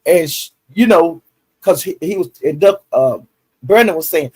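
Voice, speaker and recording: A man's voice: fairly high pitch, lively intonation, normal speed, darkish tone, husky. A man, recapping online drama in a rambling, folksy way full of fillers. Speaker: YouTube commentary host.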